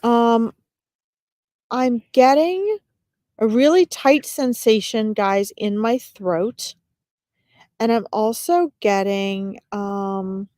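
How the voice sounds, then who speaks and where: A woman giving a live-streamed psychic reading as a medium, talking in a gentle, reassuring way with frequent pauses and fillers. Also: fairly high pitch, dry recording, clean studio sound. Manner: gentle, reassuring address to viewers.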